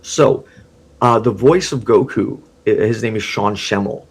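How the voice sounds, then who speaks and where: A man guesting on a podcast, rambling excitedly through a casual story and laughing often. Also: on the low side, a little slow, slightly rough.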